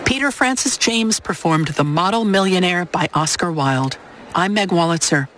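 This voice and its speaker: A woman hosting a radio program, giving thoughtful, measured scripted commentary. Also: lowish voice, animated, background noise. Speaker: radio host.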